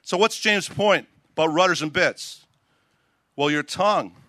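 An older pastor delivers an outdoor sermon at a measured pace, his voice fairly high. He reads scripture emphatically and animates his stories, with no room sound in the recording.

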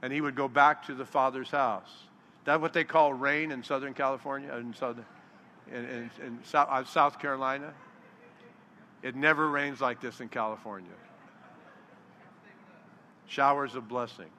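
A man preaching a sermon, slowing down to quote scripture and acting out the disciples' voices. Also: mid-range voice, steady tone, sharp tone, a little hiss or hum. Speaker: pastor. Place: large hall with long reverb. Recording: reverberant hall.

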